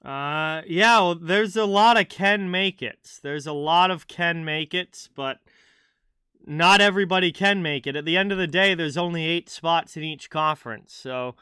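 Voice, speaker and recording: A man's voice: on the high side, a little slow, pushed and bright, clean tone, no room sound, studio quality. A man hosting a live hockey stream, chatting casually about the standings and answering viewers by name. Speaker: livestream hockey host. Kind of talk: casual live-chat commentary.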